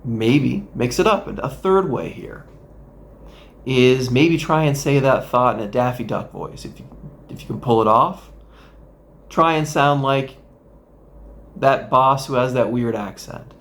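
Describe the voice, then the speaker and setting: A male therapist talks the listener through a mindfulness exercise, his voice carrying a gravelly rasp at mid pitch. His delivery is gentle and guiding, loosened by playful asides. A faint hiss sits under the recording. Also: unhurried, long pauses. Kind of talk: instructional talk with guided exercise.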